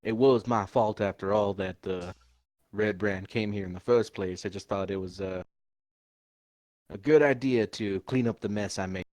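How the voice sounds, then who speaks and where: An easygoing man plays his character at a tabletop game with a wry edge. His voice sits slightly low, and the sound is close and dry. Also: moderate pace, a little mellow, dry recording. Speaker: player.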